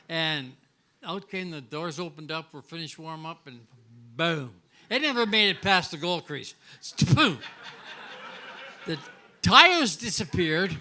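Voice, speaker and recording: An older man from Canada, a former hockey player, telling rambling anecdotes as a guest and acting out the dialogue. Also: on the high side. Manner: rambling, animated, acts out dialogue. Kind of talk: casual anecdotal storytelling. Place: restaurant, live show.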